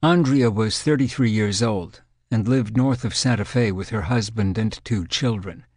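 A man narrating an audiobook in a measured, clinical storytelling manner. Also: fairly low pitch, a little mellow, no room sound, studio quality.

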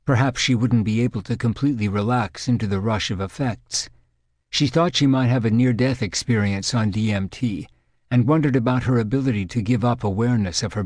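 A man narrating an audiobook in a measured, clinical storytelling manner. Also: medium pitch, darkish tone, dry recording, studio quality.

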